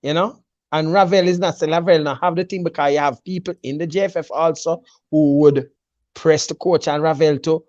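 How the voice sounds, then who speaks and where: A man's voice: fairly high pitch, steady tone, a little fast, a little mellow, no room sound, lo-fi sound. A man with a Jamaican accent in a casual sports chat, confidently breaking down a team selection and mixing patois with English. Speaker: football pundit.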